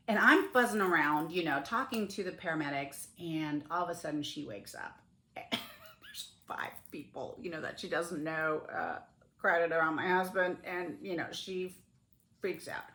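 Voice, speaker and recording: A middle-aged woman telling a home story to her viewers, her voice sitting a little low. She laughs her way through it and jumps up loudly whenever she quotes herself. The room around her is noticeably echoey. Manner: animated, laughing storyteller who rises to near-yells in quoted outbursts. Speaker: flosstube host. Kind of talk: casual storytelling to camera.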